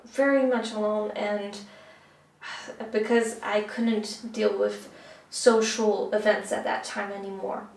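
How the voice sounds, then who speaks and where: A woman's voice: medium pitch, darkish tone. A woman talking as a podcast guest, telling her personal story earnestly, with many fillers and restarts. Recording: roomy, distant mic.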